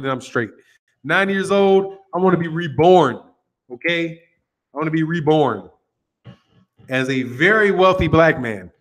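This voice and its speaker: A man's voice: on the high side, fairly bright tone. A man, hosting a boxing channel and chatting casually with viewers on a live stream, joking and answering their comments. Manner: laid-back, joking, reads out chat comments.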